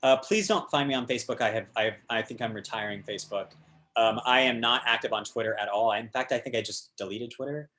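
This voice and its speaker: A man from the American South, a guest actor, chatting casually and telling animated stories with plenty of fillers. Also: mid-range voice, fast talker, slight background noise. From Georgia, US South. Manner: animated storyteller, many fillers. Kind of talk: casual interview chat.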